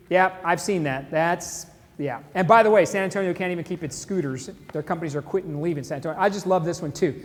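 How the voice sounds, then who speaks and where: A man's voice: a little high, fast talker, in a large hall. A man hosting a live-stream show, chatting casually and joking about memes and sports. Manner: chatty, jokey, laughs at memes. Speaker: host. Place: San Antonio, Texas.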